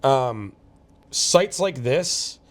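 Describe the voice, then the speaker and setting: A man's voice: medium pitch, lively intonation, very slow. A young man co-hosting a casual chat outdoors, giving firm opinions and often repeating words as he starts a point. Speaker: co-host. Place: outdoors at a shooting range.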